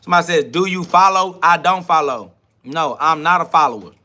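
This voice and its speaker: A man hosts a livestream rant. His voice sits a bit high and sounds tense and forceful, and he talks in a confrontational, preachy way, full of profanity. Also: fairly quick. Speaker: podcast host. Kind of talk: livestream self-talk rant.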